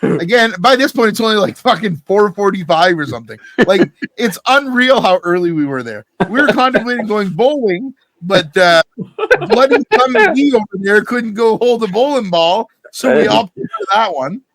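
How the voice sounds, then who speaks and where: A man with a Canadian Maritimes accent, co-hosting a podcast and telling a story in casual chat, animated and full of swearing. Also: high-pitched, moderate pace. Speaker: podcast co-host.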